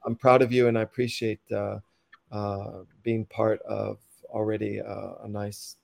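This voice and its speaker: A man's voice: fairly low pitch, flat delivery, a little slow, vocal fry, darkish tone, no room sound, studio quality. A man, a poet, reading his rhyming verse in a rhythmic, accented delivery, then chatting casually as a podcast guest.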